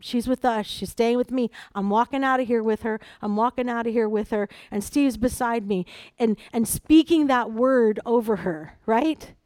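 A middle-aged woman preaches with an animated delivery, dropping to hushed storytelling and rising to loud, emphatic calls. Her voice sits fairly high, and the recording is dry and close. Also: normal speed, few pauses, no echo. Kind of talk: sermon.

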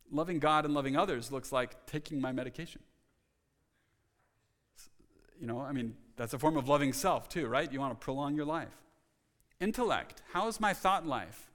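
A man's voice: on the high side, a bit bright. A male pastor preaching a sermon in an earnest manner, often restarting his sentences and pressing hard on key points. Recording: long reverb of a church hall.

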